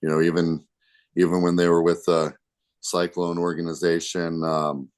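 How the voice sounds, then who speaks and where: A man with a very deep voice talks casually as a guest player on a football show. He rambles a little, with plenty of fillers and restarts. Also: little pitch movement, normal speed, smooth. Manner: easygoing, rambling, many fillers. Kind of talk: casual chat.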